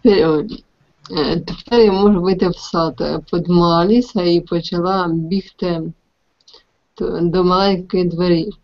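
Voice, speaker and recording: A woman student translating a story aloud in an online class, hesitant and full of pauses and fillers. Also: on the low side, fairly even intonation. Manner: hesitant, many fillers and restarts. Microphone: video call. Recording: dull lo-fi online call audio.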